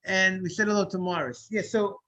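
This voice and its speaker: A rabbi leads a Talmud class in a noticeably high voice. He explains things step by step and circles back over his own phrases. Now and then he pauses to greet latecomers by name before he carries on. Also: fairly even intonation, bright, forceful tone, lo-fi sound. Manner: breaks off to greet people joining. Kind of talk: Talmud study lesson.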